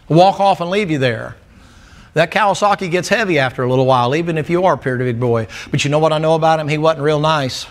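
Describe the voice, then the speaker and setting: A man's voice: a little high, brisk. A middle-aged man preaching a sermon in church, blunt and folksy, telling stories. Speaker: pastor.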